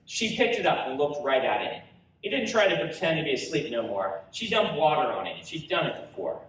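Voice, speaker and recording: A man reading his own story aloud at a convention panel, animated and storytelling. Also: a little high, a little fast, far from the mic. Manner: animated storytelling with character voices. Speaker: author reading his work. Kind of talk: live reading of a book prologue. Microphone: audience recorder in front row. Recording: roomy hall recorded from audience.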